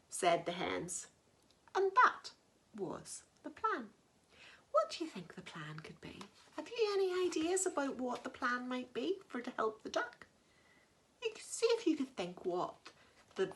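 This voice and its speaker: A woman reading a picture book aloud to children, animated and asking them questions as she goes. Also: a little high. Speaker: children's storyteller.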